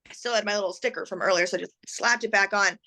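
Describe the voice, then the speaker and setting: A woman guest telling a personal story in a lively way, acting out the voices of the people she quotes. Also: medium pitch, rapid-fire, creaky. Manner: animated, acts out quoted voices.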